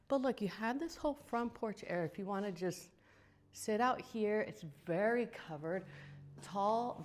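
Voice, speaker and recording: A woman's voice: mid-range voice, a little mellow, big-room sound, a little hiss or hum. A woman real estate agent giving a casual walking tour of a house, chatty and enthusiastic as she points out features. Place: outdoors then inside a large house.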